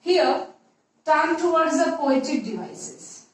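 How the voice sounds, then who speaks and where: A female English teacher with a high, expressive voice walks her class slowly through a poem, restarting and repeating her points. The room is echoey and she sits far from the mic.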